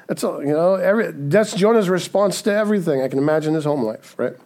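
Animated man preaching a sermon. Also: on the high side, fast talker. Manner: animated, asks "right?" often, acts out scenes.

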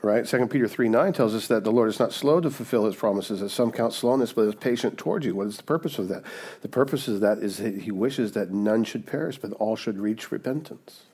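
A man's voice: fairly low pitch, a little fast, darkish tone, husky. A male pastor preaching a sermon in a conversational way, often checking in with "right?" as he retells Bible stories.

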